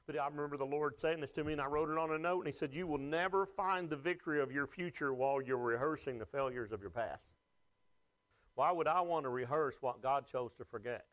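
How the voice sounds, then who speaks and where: A man's voice: medium pitch, fairly bright tone. A man pastor preaching a sermon, telling stories with animation and speaking directly to his congregation.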